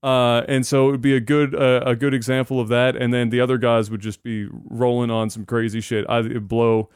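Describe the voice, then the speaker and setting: Smooth-voiced man ranting in casual chat. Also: medium pitch, brisk, no echo, clean studio sound. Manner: animated, swearing, rising loud when worked up. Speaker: podcast host.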